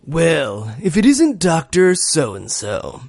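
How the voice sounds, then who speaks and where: A man's voice: on the high side, huge pitch swings, slow, a little mellow, heavily acted. A man playing a curt, bossy villain boss. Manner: curt, dismissive.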